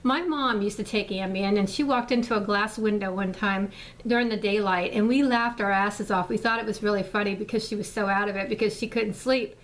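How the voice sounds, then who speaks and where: A woman's voice: medium pitch, fairly even intonation, fairly quick. A woman vlogger ranting casually to her viewers, rambling and exasperated, with frequent swearing and fillers. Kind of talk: casual rant to camera.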